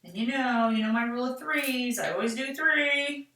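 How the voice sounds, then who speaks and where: A woman's voice: a little high, moderate pace, bright, forceful tone. Chatty woman in an echoey craft room. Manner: chatty, talks to herself while working. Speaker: card-making tutorial host. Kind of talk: casual craft demonstration. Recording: echoey room, mic at a distance.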